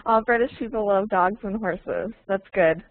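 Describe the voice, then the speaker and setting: A woman's voice: medium pitch, slow pace, no room sound. Woman teaching English over a tinny call. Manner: patient, repeats and models phrases, laughs often. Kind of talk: online group English lesson. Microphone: computer mic on a video call. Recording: tinny online call line.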